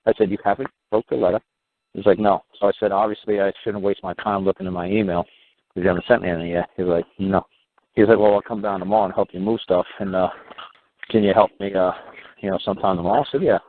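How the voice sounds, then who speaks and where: A man's voice: low-pitched, steady tone, quick pace, no echo. A man hosting a call-in show, rambling bluntly through stories with plenty of swearing. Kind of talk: rambling phone talk, anecdotes. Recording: tinny phone line with faint hiss.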